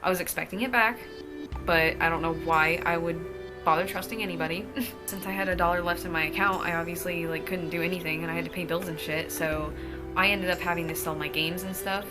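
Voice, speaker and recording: A young woman recounting a personal story for her vlog, swearing freely and sounding exasperated with how things went. Her voice sits a little low for a woman, and clear music plays behind her the whole time. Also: steady tone, a little fast.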